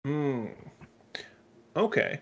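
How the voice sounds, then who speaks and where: Male co-host, slightly high voice, playful and teasing, somewhat muffled audio. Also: very animated, fairly bright tone. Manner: jokey, quick to tease and laugh. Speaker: podcast co-host. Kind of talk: casual podcast interview.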